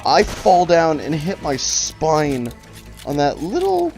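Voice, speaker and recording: A man's voice: on the high side, huge pitch swings, slow, a little mellow, faint music behind. A man streaming a game, telling a long story in a casual, profane, rambling way over his mic. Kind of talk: casual gaming chat.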